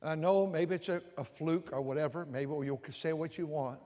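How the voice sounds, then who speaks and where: Older preacher with a high voice in a reverberant hall. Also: male voice, a little fast. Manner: animated, repetitive, swings from loud to hushed. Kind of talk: sermon. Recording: long reverb of a large hall.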